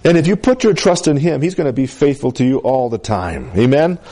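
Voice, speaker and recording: Here the same San Luis Valley-accented pastor preaches at a fairly quick clip, expressive throughout. He often asks his congregation "Amen?" while alternating emphatic highs with soft asides.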